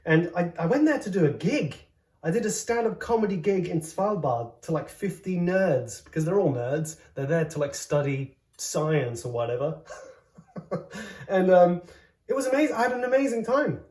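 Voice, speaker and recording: Excitable man cooking at home. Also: high voice, moderate pace. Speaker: host, comedian cooking at home. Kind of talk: casual cooking vlog. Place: home kitchen. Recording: roomy kitchen sound. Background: faint background music.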